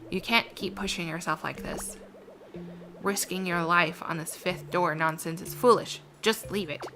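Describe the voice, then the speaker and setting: A woman voicing a stern old male shopkeeper mentor with a gruff, scolding manner, game music behind. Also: lowish voice, unhurried, lightly acted.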